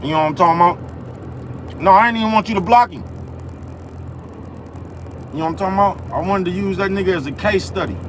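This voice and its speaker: A young man hosts a livestream from outside, his voice sitting a little high. He rants in a loose, profane, repetitive way, constantly asking if you follow him. Faint traffic hums behind him. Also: fast, long pauses. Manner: profane, repetitive, keeps asking "you know what I'm talking about". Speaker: livestream host. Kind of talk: ranting live-stream monologue. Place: outdoors in the cold, near traffic.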